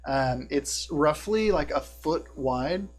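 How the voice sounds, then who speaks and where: A man narrating a tabletop game as game master and hosting a live stream, talking casually with many fillers and a hushed tone for eerie scenes. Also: on the high side, lively intonation, slow. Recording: faint buzzing hum in the background.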